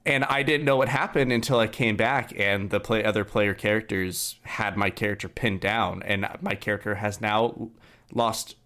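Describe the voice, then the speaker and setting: A man's voice: fairly low pitch, steady tone, normal speed, a bit bright. A young man hosting a podcast, chatting casually and rambling through a story about his tabletop game character. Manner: rambling, filler-heavy storytelling. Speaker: podcast host.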